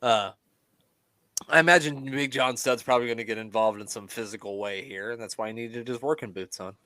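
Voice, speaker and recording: A man in a middle-pitched voice riffs with a joking, profane edge while he comments on an old wrestling match. The sound is close and dry, with no room around it. He laughs easily and swears freely. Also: fairly quick, pushed and bright, dry recording. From US Midwest. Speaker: podcast co-host.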